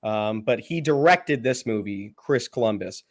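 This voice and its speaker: A man co-hosting a film review podcast, joking around with quick, profane asides. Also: on the low side, animated. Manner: jokey, swears, quick asides. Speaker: podcast co-host. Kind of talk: casual chat.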